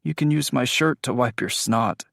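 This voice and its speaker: A man narrating an audiobook voices a teasing, tender young man with a raised pitch and a playful manner. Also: moderate pace, creaky, fairly bright tone, no echo, clean studio sound. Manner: playful, joking.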